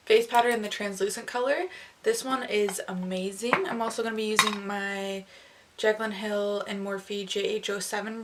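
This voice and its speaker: A young woman talking through a makeup tutorial in a casual, chatty way, full of "um" and "like". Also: medium pitch. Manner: chatty, casual, filler-heavy with "um" and "like". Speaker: makeup artist. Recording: slightly distant mic with faint noise.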